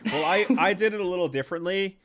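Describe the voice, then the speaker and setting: A man's voice: high-pitched, fast talker, fairly bright tone. Sarcastic young man co-hosting a podcast. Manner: joking, teasing, sarcastic. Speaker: podcast co-host. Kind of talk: casual podcast chat.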